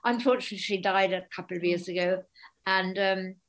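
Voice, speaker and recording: An older woman, a guest author chatting in an interview, an animated storyteller who acts out the voices of people she quotes. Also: medium pitch, fairly quick. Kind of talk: casual interview chat.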